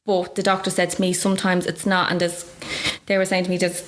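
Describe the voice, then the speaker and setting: A woman in her thirties with a Dublin accent, a guest telling a personal story candidly, acting out the voices of others and laughing with her nerves. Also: brisk. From Ireland. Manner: animated, acts out voices with big pitch jumps, laughs nervously.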